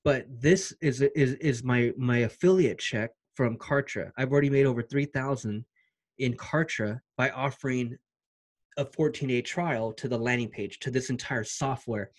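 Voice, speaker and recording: A young man vlogging about his online side income in an excited, repetitive, slangy pep-talk style. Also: mid-range voice, normal speed. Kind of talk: energetic motivational vlog talk.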